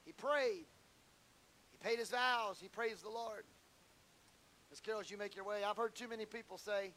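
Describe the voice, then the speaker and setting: High-voiced pastor preaching. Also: male voice, moderate pace, pauses often, slight background noise. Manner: preaching with rising shouts and mock-quoting congregants. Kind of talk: sermon. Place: church sanctuary.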